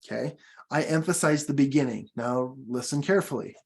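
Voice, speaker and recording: A man's voice: medium pitch, a little fast, vocal fry, darkish tone. Guy coaching a goal-setting session, pushy and upbeat, keeps hammering the same points. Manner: emphatic, encouraging, repeats key points. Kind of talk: motivational training talk.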